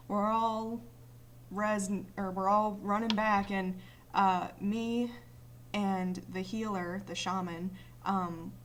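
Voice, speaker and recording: A woman's voice: medium pitch, a little hiss or hum. Exasperated young woman ranting casually. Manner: exasperated, swears freely, quotes others in clipped retellings. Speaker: vlogger.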